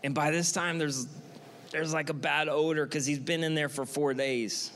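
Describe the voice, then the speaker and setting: Guy preaching a sermon, pretty high voice, chatty but emphatic, repeats himself. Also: steady tone, moderate pace, a bit bright, slight background noise. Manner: conversational, emphatic, repetitive. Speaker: pastor.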